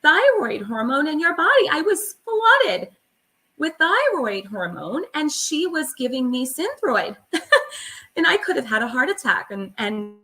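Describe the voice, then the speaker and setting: A woman's voice: high-pitched, big pitch swings, normal speed, sharp tone. A middle-aged woman, a guest on an interview show, telling her personal story in an earnest, emphatic way.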